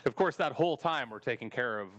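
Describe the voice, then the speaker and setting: A man's voice: medium pitch, lively intonation, fast talker, a bit bright. A man hosting a podcast and telling a long story in casual chat, rambling and laughing often as he goes. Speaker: podcast host.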